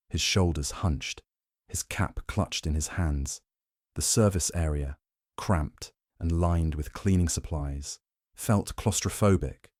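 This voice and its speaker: A man tells a mystery audiobook in a very deep, low voice. His narration is steady and measured, recorded close and dry with no room sound at all. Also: no room sound. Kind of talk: scripted narration.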